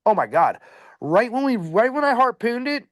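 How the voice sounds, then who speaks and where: A man's voice: very high-pitched, very animated, normal speed, a bit bright, no room sound. A man telling a fishing story in a casual, rambling, slangy way.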